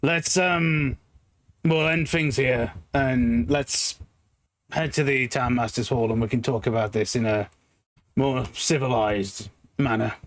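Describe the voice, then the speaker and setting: A man doing a brisk, measured town official. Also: medium pitch, fairly even intonation, close to an everyday voice.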